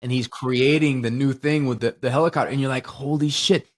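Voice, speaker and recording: A man co-hosting a podcast, talking casually about a film and retelling its scenes in an animated, profane way. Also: medium pitch, fast. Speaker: podcast co-host.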